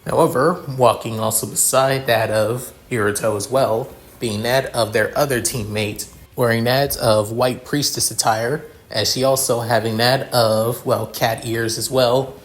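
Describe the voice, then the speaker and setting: A man's voice: mid-range voice, steady tone, a little slow, hardly any pauses. A man narrating his own fan fiction in a rambling style, with frequent restarts and fillers. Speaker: story reader.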